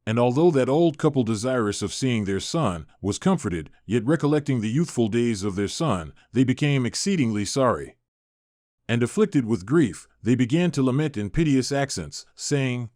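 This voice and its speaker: Male audiobook narrator, measured recitation, mid pitch, dry booth sound. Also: no room sound. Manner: steady, even recitation with formal old-fashioned wording. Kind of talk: measured scripted reading of an epic.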